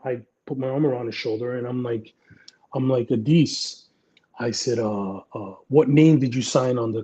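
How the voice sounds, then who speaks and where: A man's voice: mid-range voice, dark tone. A middle-aged man, a retired police detective, telling blunt, profane anecdotes in a casual interview.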